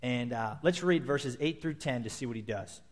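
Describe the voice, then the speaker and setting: A man's voice: medium pitch, animated, moderate pace. A man, a pastor, preaching a sermon to his congregation in a conversational way, acting out quotes as he goes.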